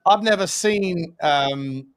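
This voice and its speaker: Young man, slightly high voice, casual live-stream chat, laughs often. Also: takes it slowly, smooth. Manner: chatty, lots of fillers and restarts, laughs often. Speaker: co-host.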